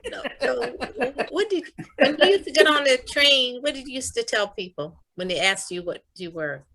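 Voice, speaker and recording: A woman's voice: sits high, animated, moderate pace, bright, forceful tone. A woman on a video call, teasing a relative with short, laughing interjections. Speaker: family member. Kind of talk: casual family chat. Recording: noisy video call line.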